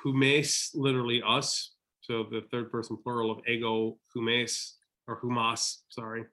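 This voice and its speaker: A man's voice: mid-range voice, little pitch movement, unhurried, bright, forceful tone. A man co-hosting a casual Bible study chat, playfully thinking aloud as he works through Greek words. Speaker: podcast co-host.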